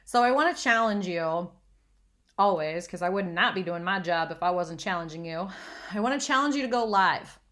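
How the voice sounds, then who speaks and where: A woman's voice: on the low side, animated, normal speed, fairly bright tone. A woman from the American Midwest, in her thirties, hosting a solo podcast and talking candidly with casual swearing and self-deprecating humor. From Northwest Iowa, USA. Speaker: podcast host and confidence coach.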